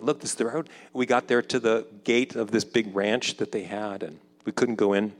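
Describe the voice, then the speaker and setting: A man in his fifties telling a personal story in a conversational way, acting out the dialogue and dropping softer when reflective. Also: medium pitch, steady tone, brisk, few pauses. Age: 50s. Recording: long hall reverb.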